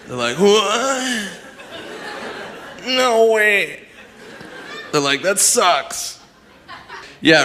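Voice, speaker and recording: A man's voice: mid-range voice, bright, forceful tone. Laid-back stand-up man on a club stage, live set with noise behind. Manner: laid-back, offhand joke delivery. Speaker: stand-up comedian. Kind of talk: stand-up routine. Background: audience.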